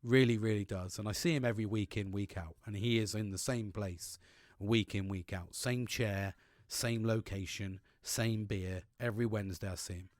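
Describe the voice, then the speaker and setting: Sweary, animated podcast man. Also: fairly low pitch, moderate pace, dry recording, clean studio sound. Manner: frank, sweary, animated, laughs often. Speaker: podcast host. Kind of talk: casual monologue.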